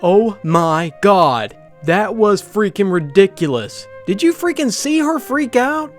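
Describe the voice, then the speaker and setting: A man reading funny anecdotes aloud in steady scripted narration. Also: a little high. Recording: faint background music.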